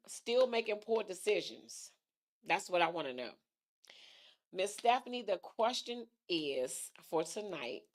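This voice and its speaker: Chatty woman hosting a livestream. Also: lowish voice. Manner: chatty, thinks aloud, repeats phrases, laughs easily. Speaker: livestream talk show host. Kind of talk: casual livestream chat reading viewer comments.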